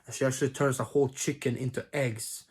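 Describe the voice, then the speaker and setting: A young man giving a casual spoken review, rambling and hesitant, often clearing his throat between thoughts. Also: mid-range voice, fairly even intonation, quick pace, a little mellow. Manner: rambling, hesitant, many fillers and restarts, frequent throat clearing. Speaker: video reviewer.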